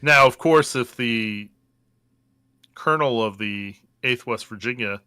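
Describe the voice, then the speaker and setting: A man playing a tabletop wargame, talking in a halting way with many fillers. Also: mid-range voice, sharp tone, clear, resonant tone, no echo, studio quality. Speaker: player. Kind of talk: tabletop game chat.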